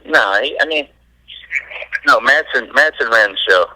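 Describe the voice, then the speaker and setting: A man, a former baseball pitcher, telling stories as a guest in a casual interview, laid-back and laughing as he goes. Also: animated, unhurried, bright, forceful tone, no echo, poor audio.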